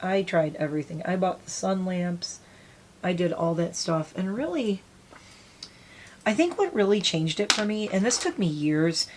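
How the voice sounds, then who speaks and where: Chatty woman doing makeup, lowish voice. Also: a little hiss or hum. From United States. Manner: chatty, rambling, self-deprecating. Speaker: beauty vlogger. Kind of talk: casual get-ready-with-me chat.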